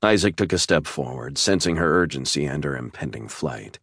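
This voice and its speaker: A man narrating a romance audiobook in a measured, steady storytelling voice, recorded close to a studio mic. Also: rumbling low, slightly rough, no room sound.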